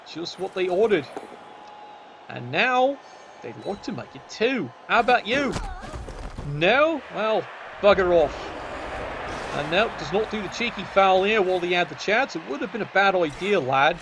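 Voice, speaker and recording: A man's voice: high-pitched, lively intonation, moderate pace, noisy background. A man giving cheeky, sardonic commentary on a tabletop game match.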